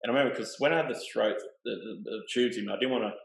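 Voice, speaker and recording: Gravelly man telling stories. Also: medium pitch, very fast. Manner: relaxed, plain-spoken, animated retelling. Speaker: guest. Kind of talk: casual storytelling. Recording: roomy echo.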